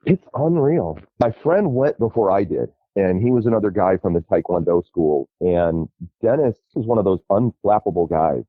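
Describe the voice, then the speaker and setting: Husky, lively man on a tinny line. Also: on the low side, normal speed, no room sound. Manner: lively, profane, laughs through his stories. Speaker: podcast guest. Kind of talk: animated storytelling.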